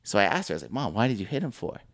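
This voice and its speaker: A young man co-hosting a casual podcast, telling an animated story and swearing freely. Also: on the low side, rapid-fire, no echo. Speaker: podcast co-host.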